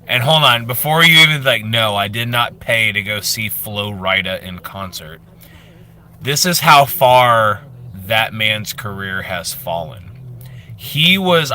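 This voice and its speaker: A man in his thirties from Florida hosts a casual fitness livestream. He tells animated, joking stories and answers the chat in a very bright, sharp voice at an ordinary pitch. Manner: animated joking storyteller, reads chat aloud. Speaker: fitness livestream host, former drill sergeant.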